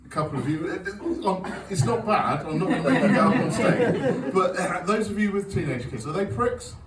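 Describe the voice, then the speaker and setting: A man's voice: high voice, lively intonation, moderate pace, a loud crowd. A man in his forties doing a stand-up comedy set, telling sweary, self-mocking stories with an audience laughing along. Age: 40s. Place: comedy club stage. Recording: echoey venue, taped from a distance.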